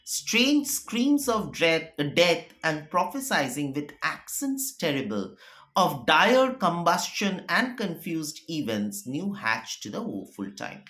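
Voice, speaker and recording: A woman reading the lines of a worried Scottish nobleman in a slow, declaiming voice. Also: low-pitched, very animated, fairly bright tone, full character voice. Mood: grave. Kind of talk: dramatic reading of a play. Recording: echoey room.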